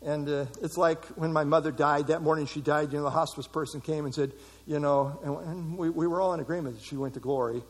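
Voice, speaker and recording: A middle-aged man preaching a sermon, emphatic, with dramatic pauses. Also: a little high, steady tone, husky. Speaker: pastor.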